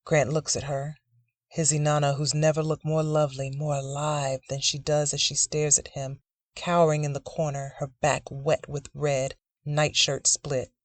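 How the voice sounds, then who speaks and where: Dry, measured dark-story narrator. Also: medium pitch, level tone, no echo. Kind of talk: dark literary short story reading.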